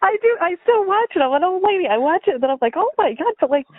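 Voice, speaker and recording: A woman's voice: extremely high pitch, lively intonation, very fast, no echo. A woman co-hosting a podcast in casual chat, giggling often. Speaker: podcast co-host. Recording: dry, tinny phone-like sound.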